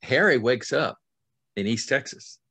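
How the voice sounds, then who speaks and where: Male author guest, middle-aged, animated yarn-spinner, dry close recording. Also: medium pitch, measured pace, dry recording. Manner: lively, acts out scenes with sudden loud and soft swings. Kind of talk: animated storytelling in conversation.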